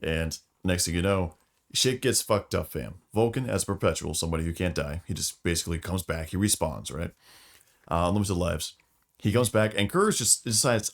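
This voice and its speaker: Very deep-voiced man explaining lore. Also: moderate pace, vocal fry. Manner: loose, slangy explainer. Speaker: podcast co-host. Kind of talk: casual lore chat.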